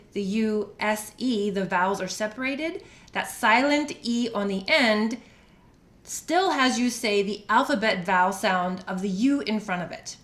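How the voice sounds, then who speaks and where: Clear American woman teaching pronunciation. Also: mid-range voice, fairly bright tone. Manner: clear, deliberate, spells out letters. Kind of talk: scripted lesson. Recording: echoey room.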